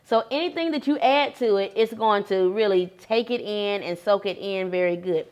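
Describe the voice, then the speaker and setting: Woman, cooking show co-host, calm explainer, mid-pitch voice. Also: normal speed. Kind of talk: cooking demonstration.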